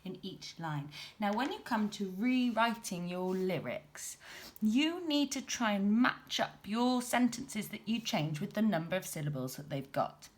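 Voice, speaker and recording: A woman's voice: medium pitch, expressive, unhurried. A young woman teaching a primary class, explaining patiently, checking in with "okay?", and sounding out words beat by beat. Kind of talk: recorded home-learning lesson.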